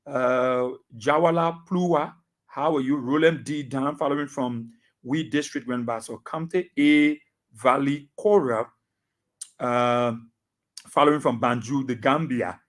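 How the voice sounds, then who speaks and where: A man with a Liberian accent, a radio talk show host reading out listener names and greetings in a brisk roll call. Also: medium pitch.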